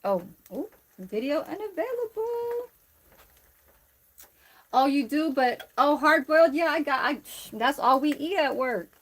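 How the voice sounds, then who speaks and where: A woman's voice: high-pitched, moderate pace, hardly any pauses, a little hiss or hum. A woman chatting casually on a cooking livestream, telling a rambling, profane story to her viewers while she cooks in a kitchen. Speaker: livestream cook.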